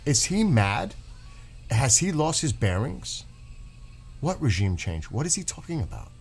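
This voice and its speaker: A man's voice: medium pitch, very animated, unhurried, vocal fry, slightly rough. A man ranting in exasperated, sarcastic political commentary, swearing as he reads posts aloud and mocks them. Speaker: streamer reacting to news.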